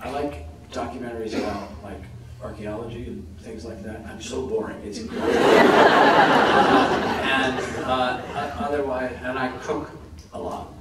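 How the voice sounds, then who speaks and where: An American man answering audience questions on a convention panel, relaxed and self-deprecating, laughing often. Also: medium pitch, unhurried. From United States. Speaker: actor guest on a convention panel. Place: large convention hall with audience. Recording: very echoey hall from far off, noisy.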